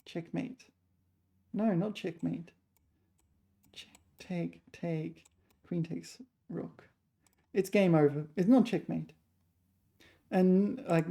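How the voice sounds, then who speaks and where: A woman works through chess puzzles out loud in a low, gravelly voice, a touch hoarse. She mutters her calculations in short fragments at an unhurried pace, and her tone stays dark and mellow. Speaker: chess player. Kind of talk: thinking aloud while solving chess puzzles.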